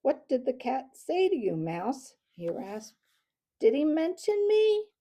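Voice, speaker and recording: A woman voicing a fierce, hungry male owl captain who snaps in a flat, hard, rasping voice. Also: sits high, slow, voice pushed up, exaggerated voice. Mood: menacing.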